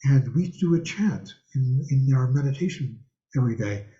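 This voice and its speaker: Older guy giving a dharma class over a video call, relaxed and rambly, asks the class stuff, echoey room. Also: mid-range voice, moderate pace. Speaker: Buddhist meditation teacher. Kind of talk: online dharma class talk. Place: home room with a hanging thangka. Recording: roomy, slightly dull video-call audio.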